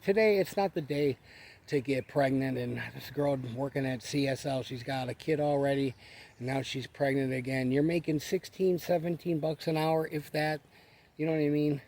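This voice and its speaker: A man's voice: medium pitch, a little mellow. A man in his forties giving a blunt, profane casual rant to the camera, repeating himself for emphasis. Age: 40s. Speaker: vlogger.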